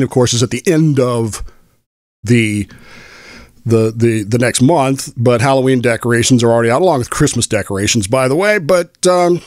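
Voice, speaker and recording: A man's voice: mid-range voice, no echo, studio quality. An older man hosting his own show, telling a long rambling story with frequent laughs. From Washington State, US. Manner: rambling, amused, laughs often. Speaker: podcast host. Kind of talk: storytelling monologue.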